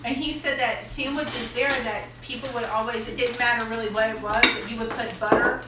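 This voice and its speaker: An American mother co-hosts a family live stream, telling kitchen stories in a chatty way. Her voice sits a little high. She sounds set back from the mic in an echoey room, with clear kitchen noise around her. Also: brisk, far from the mic. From United States. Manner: chatty storyteller, lively quoted asides. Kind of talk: casual live chat.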